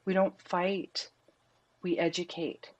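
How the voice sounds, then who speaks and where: A woman on a podcast telling a story with earnest, animated delivery. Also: lowish voice, slow. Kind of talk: podcast conversation.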